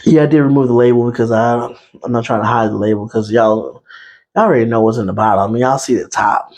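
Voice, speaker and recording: A man's voice: medium pitch, quick pace, darkish tone. Man, podcast host, laid-back, chatty, unscripted, mid-range voice, lots of fillers. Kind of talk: unscripted casual talk.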